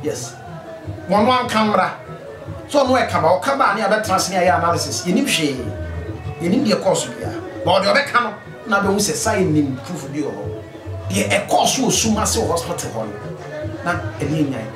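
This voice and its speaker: A man's voice: high-pitched, lively intonation, a little fast. Ghana host guy narrating the story, roomy echo, music under it. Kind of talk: commentary narration.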